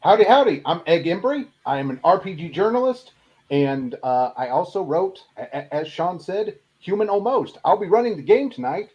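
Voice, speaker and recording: A man's voice: high-pitched, sing-song, moderate pace. A man introducing himself as game master of a tabletop game, friendly and easygoing. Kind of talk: casual self-introduction. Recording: dull lo-fi sound.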